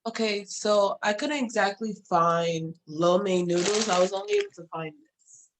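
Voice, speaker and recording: A woman taking part in an online cooking class, politely asking the instructor a quick question. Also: medium pitch, expressive, noisy background. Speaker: class participant.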